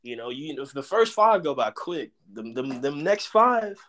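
A man's voice: fairly high pitch, moderate pace, a crowd in the background. A young man from Dallas, a former college football player, casually telling stories in a podcast interview and acting out what people said. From Dallas, Texas. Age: young adult. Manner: animated storyteller, acts out quotes loudly.

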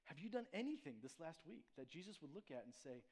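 A man with a high-pitched voice delivers a sermon as a pastor. He talks conversationally, checks in with the congregation, and restarts his phrases often. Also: big pitch swings, quick pace, a little mellow. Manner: conversational preaching with frequent "right?" and restarts.

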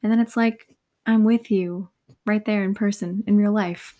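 A woman's voice: mid-range voice, fairly even intonation, normal speed, mellow. Sleepy young woman hosting a podcast, just chatting, rambly, tons of fillers. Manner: rambling, filler-heavy, lots of "like". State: tired, yawning. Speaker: podcast host. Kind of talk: casual solo podcast chat.

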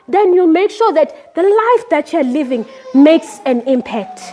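A middle-aged woman delivers a sermon in a high, light voice. She preaches with animated energy, jumping up in pitch as she makes her points. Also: a little slow, hardly any pauses. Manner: animated, code-switching with lively rises in pitch.

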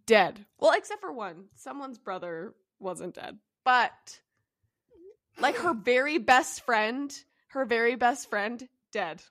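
A woman's voice: fairly high pitch, expressive, slow pace, a bit bright. A woman co-hosting a casual book podcast, talking animatedly and emphatically, often laughing and swearing as she chats. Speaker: podcast co-host. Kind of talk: casual chat about books.

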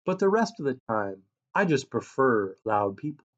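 A man preaching a sermon as a pastor, reading scripture and describing himself as a loud person. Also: mid-range voice, very animated, normal speed, muffled recording.

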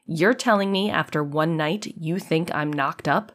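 A skeptical young woman answers bluntly and with disbelief, as a woman narrator reads her. The voice is low. This is an audiobook read. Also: measured pace, a bit bright. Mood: defiant. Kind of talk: audiobook character reading.

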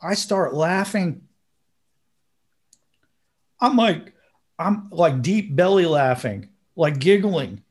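Man, podcast co-host, pitched a bit high, vivid storyteller who jumps up for quoted lines. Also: slow, pauses often. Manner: animated, acts out quotes with sudden high bursts. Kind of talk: storytelling in casual chat.

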